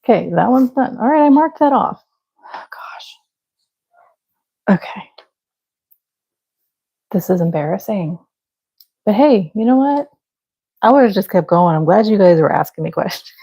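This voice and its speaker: A woman's voice: mid-range voice, lively intonation, unhurried, long pauses, mellow, slightly rough, rough recording. A young woman hosting a live crochet stream, chatting casually and laughing at herself while she works. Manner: chatty, self-deprecating, talks to viewers while working. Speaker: livestream crochet host.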